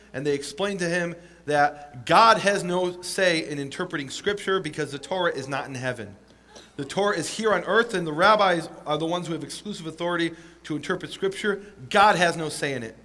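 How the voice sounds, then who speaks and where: A man telling a story in a sermon, animated, acting out the quotes with big jumps in pitch and chuckling along. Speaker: teacher of the Bible.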